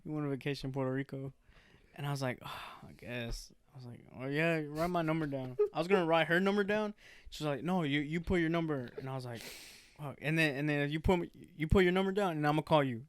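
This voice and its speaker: A man's voice: on the high side, fast talker, clean tone, dry recording. A young man co-hosting a casual podcast, telling stories between laughs and acting out what people said. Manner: laughing storyteller, acts out quotes. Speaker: podcast co-host. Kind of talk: casual chat among friends.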